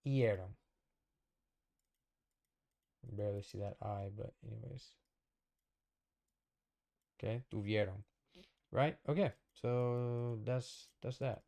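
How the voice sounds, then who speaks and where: A man teaching a casual lesson at a whiteboard, explaining slowly and patiently, often checking with "okay?". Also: lowish voice, fairly even intonation, gravelly, dark tone. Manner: slow, patient explaining with fillers and repeated checks. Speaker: Spanish teacher.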